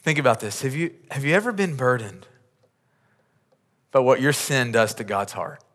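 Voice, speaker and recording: A man's voice: medium pitch, sing-song, moderate pace, a bit bright. A man preaching a sermon as a pastor, earnest and pleading, often repeating words as he builds a point. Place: large church auditorium. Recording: long hall reverb from the sanctuary.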